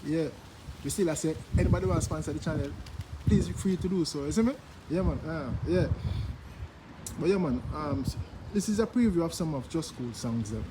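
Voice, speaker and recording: A man's voice: on the high side, a little fast. A Jamaican man hosting his own vlog in casual promotional chat, laid-back and easygoing, often dropping "yeah, man" and "you see me". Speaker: vlogger host. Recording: loud vehicle noise behind.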